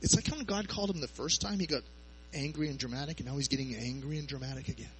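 A man's voice: mid-range voice, fast talker, fairly bright tone, a little hiss or hum, poor audio. A man preaching a sermon in a conversational way, asking his listeners rhetorical questions.

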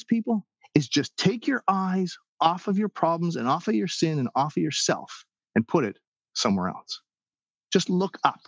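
A man preaching a sermon in an animated way, acting out the people's and God's words as he goes. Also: a little high, no echo, dull audio. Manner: animated preaching, acts out quoted voices. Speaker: pastor.

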